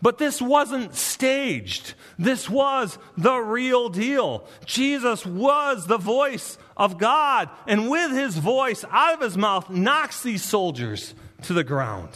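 A man preaching an expository sermon, earnest and emphatic, with dramatic pauses. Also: extremely high pitch, sing-song, fairly bright tone, in a large hall. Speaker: pastor.

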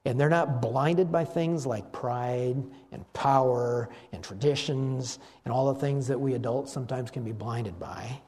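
A man preaching a sermon, telling Bible stories with animated delivery and acting out the voices of the people in them. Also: medium pitch, a little slow, few pauses. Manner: animated storytelling, acts out voices of biblical figures.

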